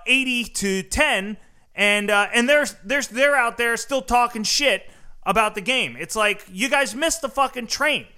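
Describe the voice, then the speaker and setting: A man's voice: very high voice, sharp tone. A man hosting a podcast, ranting in a casual, heated way, swearing often and filling his speech with "like" and "you know.". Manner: profane, heated, fast-talking, lots of fillers. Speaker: podcast host. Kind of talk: casual conversational rant.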